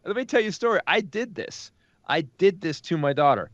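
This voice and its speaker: A man on a podcast, telling profane, animated stories in casual chat. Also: fairly high pitch, fairly quick, dry recording, lo-fi sound. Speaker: podcast host.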